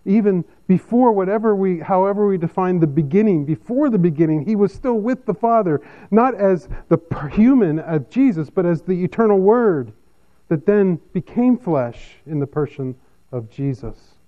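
A man with a fairly high voice preaches a sermon to his congregation. He explains scripture in a measured, expository way, and his pitch rises and falls as he goes. The recording sounds dull and lo-fi. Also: animated. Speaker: pastor.

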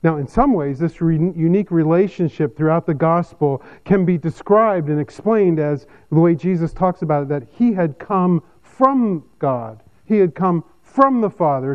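Man preaching, dull lo-fi recording. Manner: measured expository preaching, lively pitch swings. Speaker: pastor. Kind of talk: sermon.

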